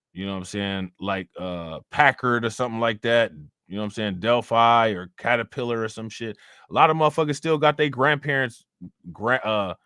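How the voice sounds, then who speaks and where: With a lowish, slightly bright voice, a young livestream host chats loosely and profanely, rambling as he answers his chat. The audio is studio quality with no echo.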